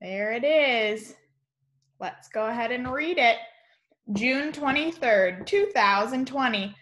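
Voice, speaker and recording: A woman's voice: fairly high pitch, animated, takes it slowly, fairly bright tone. A woman teacher giving a remote lesson to young children, in a cheerful, sing-song manner.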